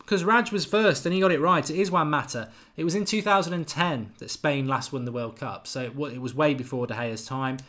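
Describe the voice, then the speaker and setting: A man hosts a live football quiz stream. He chats casually and reels off viewers' names and answers at a quick clip. His voice sits at an ordinary middle pitch. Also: a bit bright. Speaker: football channel host running a live quiz. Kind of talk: live-stream chat reading viewer comments.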